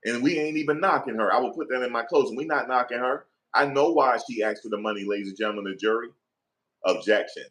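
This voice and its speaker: A man's voice: medium pitch, fast talker, hardly any pauses, fairly bright tone. A middle-aged man, giving heated opinion commentary in an emphatic, profane, repetitive rant.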